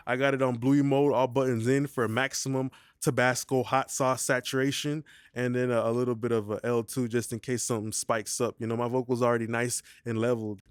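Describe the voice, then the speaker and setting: A man's voice: mid-range voice, clean tone, no echo, clean studio sound. A man hosting a casual vocal mixing tutorial, talking in a slangy, laid-back way and often asking "you feel me". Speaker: mixing engineer tutorial host.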